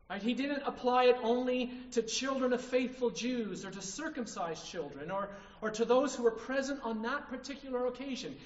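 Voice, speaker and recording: A man's voice: very high voice, lively intonation, moderate pace, hardly any pauses. A man preaching a sermon, emphatic, often checking in with the congregation by asking "right?". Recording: distant, echoey hall, dull sound.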